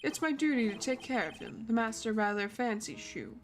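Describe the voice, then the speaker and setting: A woman's voice: a little high, sing-song, fairly quick. A woman voicing a polite, evasive male family butler in formal, stiff speech.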